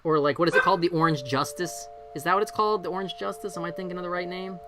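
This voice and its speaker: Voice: medium pitch, fairly even intonation, very fast, noisy background. A streamer in their forties, chatting casually and self-deprecatingly from a bedroom, swearing freely and laughing often. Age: 40s. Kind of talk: casual live-stream chat.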